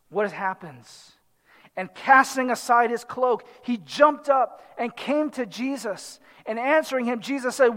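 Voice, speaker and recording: A man with a strikingly high voice delivers an expository sermon, reading a passage and then retelling it with lively acted-out quotes. His voice rings through a hall with a long reverb. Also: a little slow. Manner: animated, dramatizes the crowd and the blind man in quotes. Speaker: preacher.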